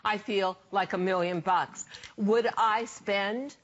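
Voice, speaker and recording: An older woman delivers a home shopping pitch with eager, persuasive emphasis. Her voice sits at a middle pitch, and she stresses key words as she sells. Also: fairly even intonation, slow pace, a bit bright. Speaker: designer and brand founder.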